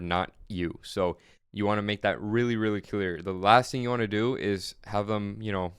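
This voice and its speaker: A young man with a low, level voice coaches his audience through a sales pitch. His delivery is casual and repetitive. The sound is crisp and dry. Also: fairly bright tone, dry recording. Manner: casual, repeats words, coaching tone. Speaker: agency owner. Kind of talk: casual walkthrough.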